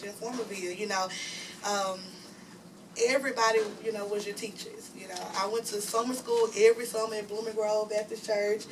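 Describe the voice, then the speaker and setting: A woman's voice: medium pitch, fairly even intonation, normal speed. A young adult woman telling her personal story as an honored guest speaker, chatty, laughing often and leaning on fillers. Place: community event room. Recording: distant mic with clear room noise.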